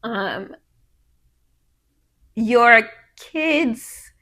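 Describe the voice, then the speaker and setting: A woman's voice: a little high, expressive, very slow, bright, forceful tone. A woman in her thirties hosting a podcast, talking in a casual, heartfelt monologue with lots of fillers, now and then acting out what her kids say. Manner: conversational, frequent fillers, acts out quotes of her kids. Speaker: podcast host.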